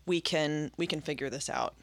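Mid-pitched co-host on a church podcast, chatty and reflective, lots of "you know", dry close sound. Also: normal speed, fairly bright tone, no echo. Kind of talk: casual conversational podcast.

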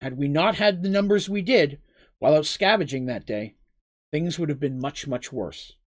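Earnest, proud gully king and father, read by a man in his own voice; animated delivery. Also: fairly high pitch, moderate pace. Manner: earnest, letter read in a plain voice.

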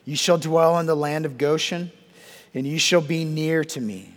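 A man's voice: on the high side, fairly even intonation, moderate pace, big-room sound. A man preaching a sermon and reading scripture aloud, often repeating words and putting questions to his listeners. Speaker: pastor.

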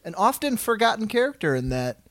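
A man's voice: sits high, very animated, brisk, fairly bright tone. A man co-hosting a comedy podcast, trading dry, wisecracking banter. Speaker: podcast co-host. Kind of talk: casual comedy podcast chat.

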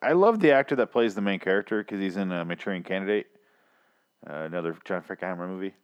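A man's voice: deep voice, fast, smooth, dull audio. A man hosting a podcast in casual chat, sarcastic and swearing casually. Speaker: podcast host. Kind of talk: casual chat reviewing a TV episode.

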